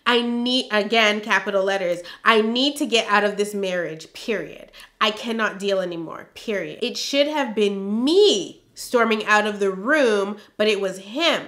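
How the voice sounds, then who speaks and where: Bright-voiced woman telling a storytime. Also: medium pitch. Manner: emphatic, exasperated asides between read-out passages. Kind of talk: storytime vlog, reading her old journal aloud.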